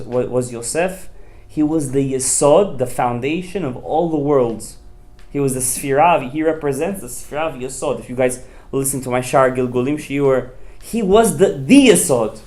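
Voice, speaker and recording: A man's voice: medium pitch, a little mellow. A man, a rabbi, giving a passionate sermon with dramatic, emphatic storytelling. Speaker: rabbi teaching a Torah class.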